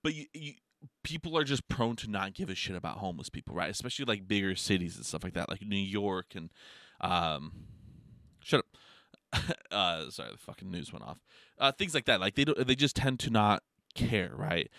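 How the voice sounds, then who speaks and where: A man's voice: on the low side, a little fast, vocal fry, no room sound, studio quality. A man telling a story in a casual, rambling monologue, swearing a lot and filling his talk with "like" and "you know.". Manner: profane, heavy filler words, rambling; animated storytelling with laughs.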